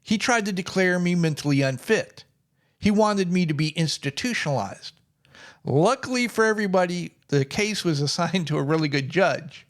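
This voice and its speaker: A man's voice: sits high, animated, moderate pace. Plainspoken man telling his story. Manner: plainspoken, wry. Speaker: vlogger. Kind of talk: personal storytelling.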